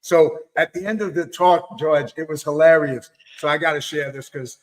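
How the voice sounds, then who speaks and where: A man from New York hosting a webinar, telling stories in a casual, animated way with frequent restarts and "you know.". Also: fairly high pitch, normal speed, poor audio. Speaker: webinar host. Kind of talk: casual storytelling chat.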